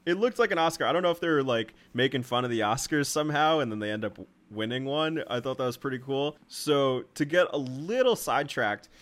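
A man's voice: mid-range voice, animated, brisk, few pauses, fairly bright tone. A man co-hosting a film podcast, chatting casually, laughing often and rambling with lots of "like". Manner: laughs often, loose and rambling with many likes. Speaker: podcast co-host.

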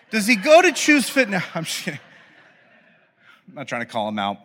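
Guy preaching, bright tone, animated and jokey. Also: high voice, moderate pace. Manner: animated storytelling, playful acted asides. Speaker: pastor. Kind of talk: sermon. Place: church podcast recording.

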